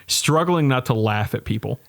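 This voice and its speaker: A man's voice: medium pitch, lively intonation, normal speed, gravelly, fairly bright tone. A man co-hosting a podcast, chatting casually with hesitant restarts that then rush ahead. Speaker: podcast co-host. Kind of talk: casual chat.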